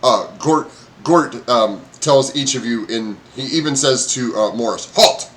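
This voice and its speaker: A man narrating as game master in a tabletop game, halting with many ums and uhs and laughing often. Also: mid-range voice, background noise.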